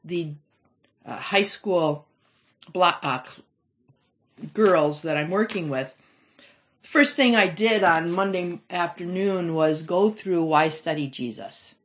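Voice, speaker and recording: A woman's voice: fairly low pitch, slow pace, long pauses, fairly bright tone. A woman teaching a Bible study lesson, explaining scripture and reading verses aloud with emphasis. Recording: slightly dull lo-fi recording.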